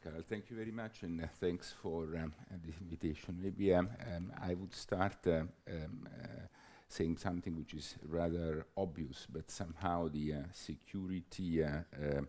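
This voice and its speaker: A man with an Italian accent answering on a conference panel, measured and hesitant with fillers. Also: low-pitched, fairly even intonation, dark tone. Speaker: panelist, senior diplomat.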